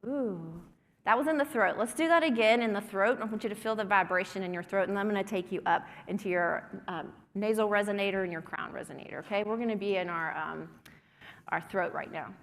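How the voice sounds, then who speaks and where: In a conference breakout room with long hall reverb, a woman with a medium-pitched, slightly bright voice speaks briskly. As workshop presenter, she encouragingly guides a group through breathing and humming exercises.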